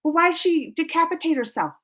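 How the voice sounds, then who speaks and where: A woman's voice: very high voice, lively intonation, quick pace, a bit bright. A woman hosting a casual live chat, talking in a chatty, rambling way and filling her sentences with "like.". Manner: chatty and rambling, says "like" a lot. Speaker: live-stream host reading chat.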